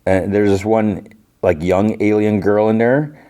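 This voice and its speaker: Give me a deep-voiced man casually retelling a show's episode on his podcast, rambling with fillers. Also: fairly even intonation, measured pace, mellow, clear, resonant tone. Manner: rambling, filler-heavy retelling with many "like" and "you know". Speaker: podcast host.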